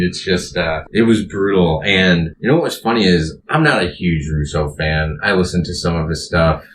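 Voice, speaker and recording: A deep-voiced man co-hosting a wrestling podcast, laid-back and rambling. He sounds a little distant from the mic, with a faint hiss behind him. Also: fairly bright tone. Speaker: podcast co-host. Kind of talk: casual podcast chat.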